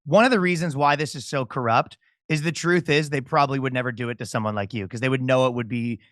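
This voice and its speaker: A man's voice: medium pitch, fast, fairly bright tone, dry recording, clean studio sound. A Canadian man, a comedian guest in casual podcast chat, rambling, laughing often and restarting his sentences.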